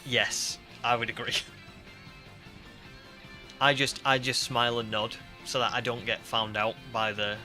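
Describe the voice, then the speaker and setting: A man's voice: medium pitch, little pitch movement, unhurried, pauses often, over music. A British man chatting casually on a game stream, rambling with fillers as he reads chat aloud.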